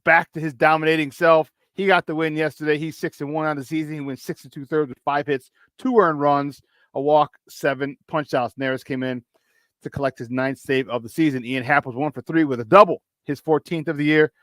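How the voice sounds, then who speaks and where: A man with a Chicago accent hosting a morning sports talk show, talking in an energetic, chatty way and repeating himself for emphasis. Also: fairly high pitch, fairly quick, no room sound, clean studio sound. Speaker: sports radio host.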